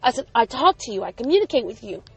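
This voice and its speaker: A woman's voice: a little high, big pitch swings, fast, creaky, faint music behind, rough recording. A woman podcast host telling a personal story about her son in an earnest, emphatic way.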